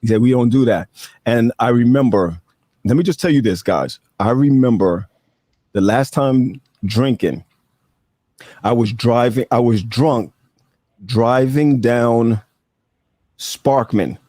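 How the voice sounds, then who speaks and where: A man hosting a casual chat, telling stories in an animated way and laughing often. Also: mid-range voice, slow, pauses often, dry recording, studio quality. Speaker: host.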